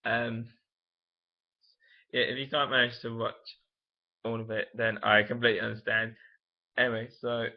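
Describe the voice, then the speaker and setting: A man's voice: medium pitch, little pitch movement, moderate pace, long pauses, dull audio. A young man, telling a personal story to camera in a rambling, candid way, full of fillers and self-corrections. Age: late teens. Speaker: vlogger.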